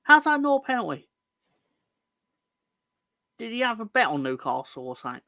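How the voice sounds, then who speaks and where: Sweary, sarcastic bright-voiced man. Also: high voice, sing-song, moderate pace, gravelly, no echo. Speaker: podcast co-host. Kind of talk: casual football fan chat.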